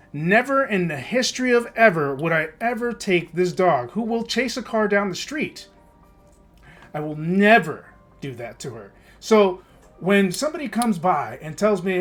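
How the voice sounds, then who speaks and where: A man with a high-pitched, fairly bright voice opens a game stream with casual chat. It then turns into a heated rant that is profane and repetitive.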